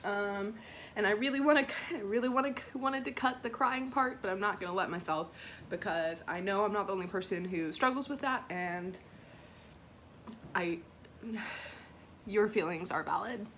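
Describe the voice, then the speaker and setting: A woman's voice: mid-range voice, normal speed, slight background noise. A woman vlogging an unboxing at home, reading affirmation cards and talking in an emotional, self-conscious way, a bit teary from crying. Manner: emotional and self-conscious, soft and tearful at times.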